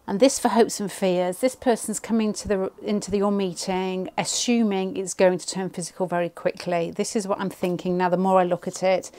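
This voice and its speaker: A woman reads tarot cards at home for a pick-a-card video, with a voice pitched in the middle range. She thinks aloud as she goes and rambles through her reading. She often breaks off and restarts her sentences. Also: darkish tone.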